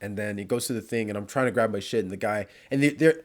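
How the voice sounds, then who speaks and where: A man's voice: lowish voice, fast talker. A young man co-hosting a podcast, telling a travel story in loose casual chat, swearing and laughing often. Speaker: podcast co-host.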